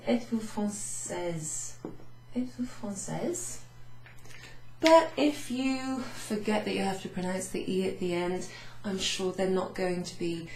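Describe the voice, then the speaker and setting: A woman teaching beginners French from her office, going over phrases slowly with many fillers and repeating each example. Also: lowish voice, a little mellow, reverberant, slight background noise, poor audio. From Wales. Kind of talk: recorded lesson recap for students. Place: home office with blinds closed.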